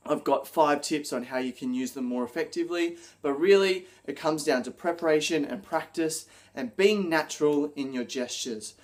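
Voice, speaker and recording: A man coaching public speaking straight to camera, energetic, acting out gestures as he explains them. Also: on the high side, moderate pace, few pauses. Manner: energetic, demonstrates gestures while talking. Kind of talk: direct-to-camera teaching video.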